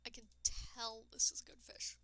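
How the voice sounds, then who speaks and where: A woman streaming a game and chatting casually with her viewers. She talks in a rambling way, addresses chat directly and sounds tired and low-energy. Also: moderate pace, bright, forceful tone, poor audio. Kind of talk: casual live-stream chat while gaming.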